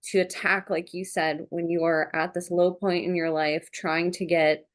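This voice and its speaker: A woman's voice: fairly low pitch, level tone, measured pace. A woman hosting a podcast, responding to her guest in an earnest, emphatic way, thinking aloud with restarts. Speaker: podcast host. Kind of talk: casual conversational interview.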